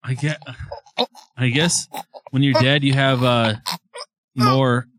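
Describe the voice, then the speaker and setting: Against some background noise, a man with a medium-pitched voice speaks slowly as a podcast host chatting casually around a spirit board. He jokes, swears, stays animated, and adopts a mock-spooky tone.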